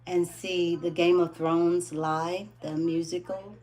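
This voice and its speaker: Late-50s woman on a casual livestream, slow easygoing talk, chatty and animated. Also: lowish voice. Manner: chatty and animated, drops into quoted voices. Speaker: livestream host chatting with viewers.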